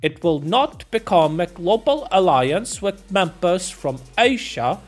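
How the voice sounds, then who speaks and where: A man on a live stream reads out war news headlines and comments on them casually and irreverently, swearing, laughing, and stumbling over names. He has a high voice and a very animated delivery, speaking at a slow pace.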